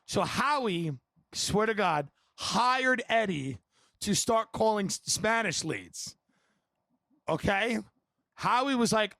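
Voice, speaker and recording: A man hosting a podcast, telling comedic stories in an animated, rambling way and laughing between lines. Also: sits high, slow, vocal fry, no echo. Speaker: podcast host. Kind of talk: comedic storytelling.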